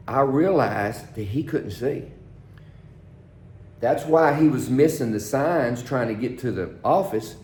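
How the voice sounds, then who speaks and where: A man's voice: medium pitch, a little mellow, echoey room. A man who works as a pilot, telling stories casually and animatedly, acting out the quoted dialogue. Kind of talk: casual storytelling.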